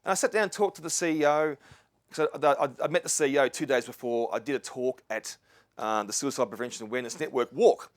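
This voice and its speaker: A man's voice: mid-range voice, quick pace, no room sound, studio quality. A middle-aged Australian man giving a live talk to an audience, earnest and rambling, with restarts and asides. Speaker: speaker. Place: lecture venue with live audience.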